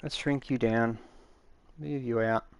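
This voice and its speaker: A man of middle pitch talks through a tutorial in a loose, rambling way, full of fillers and restarts. His tone stays matter-of-fact. The sound is dry and close, with no room around it. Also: steady tone, slow pace, clean tone, dry recording. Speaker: game tutorial maker. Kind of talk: casual screen-recorded tutorial.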